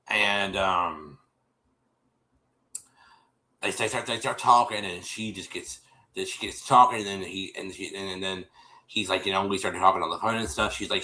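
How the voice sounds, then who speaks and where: A man's voice: lowish voice, sharp tone, low-quality recording. A man hosting a stream, casually retelling a TV episode to his viewers, rambling with many restarts and calling them y'all. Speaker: show host recapping an episode. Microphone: streaming setup microphone.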